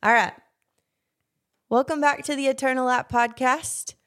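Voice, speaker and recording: A woman's voice: high voice, steady tone, measured pace, fairly bright tone. A woman hosting a podcast, teasing her co-hosts and laughing often. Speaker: podcast host. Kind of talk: casual chat.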